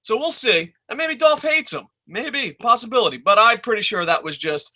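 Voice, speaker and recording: A man's voice: high-pitched, moderate pace. A young man hosting a wrestling Q&A show, ranting in a profane, comedic way and putting on mocking voices. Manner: animated, swears constantly, mocking put-on voices.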